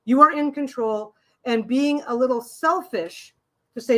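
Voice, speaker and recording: A woman's voice: high voice, measured pace, fairly bright tone. A middle-aged woman hosting a live stream as a tarot reader, chatting casually and rambling, often restarting her sentences and reading viewer comments aloud. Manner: reads viewer comments aloud and answers them.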